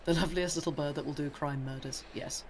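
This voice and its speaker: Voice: mid-range voice, fairly even intonation, a little hiss or hum. A British co-host in casual livestream chat, rambling and opinionated and acting out little asides. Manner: rambling, opinionated, acts out birds in quick asides.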